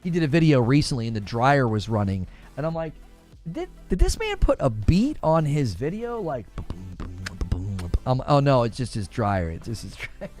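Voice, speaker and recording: A man hosting a gaming news stream, chatting casually with viewers and reading their comments, animated and quick to laugh. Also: medium pitch, soft background music. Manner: animated, laughs often, thinks aloud with restarts. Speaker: host of a gaming news show.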